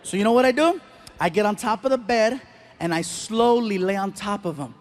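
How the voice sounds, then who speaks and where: A man doing stand-up comedy on stage into a handheld mic. He tells animated stories with sound effects. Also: high-pitched, moderate pace.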